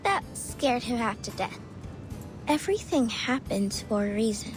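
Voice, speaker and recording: Woman putting on a high chirpy sheep lady, super polite and talkative. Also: very animated, measured pace, soft background music. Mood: chatty. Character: chatty sheep-headed woman arcanist, polite and cheery.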